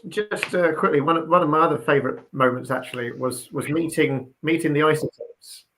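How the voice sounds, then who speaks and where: A man guest on a quiz chat show, halting and self-deprecating. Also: a little high, a bit bright. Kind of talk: casual chat.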